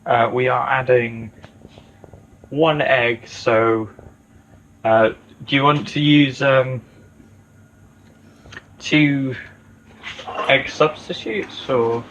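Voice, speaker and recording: A man's voice: medium pitch, fairly even intonation, very slow, pauses often, a bit bright, muffled recording. A man in casual kitchen banter as a podcast co-host, joking and swearing casually.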